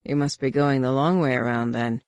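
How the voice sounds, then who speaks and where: Male reader voicing a faceless bar owner: cool, measured questioner, dry close sound. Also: mid-range voice, fairly even intonation, darkish tone, no room sound, close to an everyday voice. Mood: probing. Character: disguised faceless bar owner, amused and probing.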